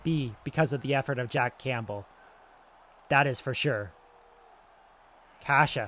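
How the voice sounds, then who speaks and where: A young man, a gaming YouTuber, gives excitable play-by-play commentary over a video game, shifting between loud calls and quiet asides. His slightly high voice grows strained.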